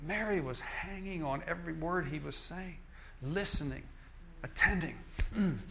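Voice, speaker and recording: Guy preaching a sermon, kinda high voice, keeps repeating himself for emphasis. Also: moderate pace, vocal fry, a bit bright, a little hiss or hum. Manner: emphatic, repetitive preaching with restarts. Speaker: minister.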